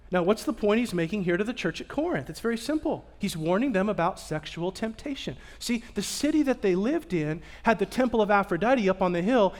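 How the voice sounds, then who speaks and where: A high-pitched male pastor delivers a sermon in a church sanctuary, telling stories animatedly and swinging between loud outbursts and hushed asides.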